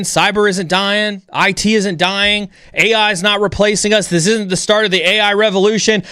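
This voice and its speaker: A man's voice: high voice, bright, forceful tone, clear, resonant tone, no echo, studio quality. A man hosting a livestream chat, talking bluntly and with lots of energy, sometimes mocking others in an overreactive voice. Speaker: stream host.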